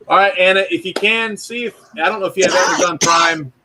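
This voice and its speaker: A man hosting a podcast, joking loudly with crude banter in casual chat. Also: high voice, moderate pace. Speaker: podcast host.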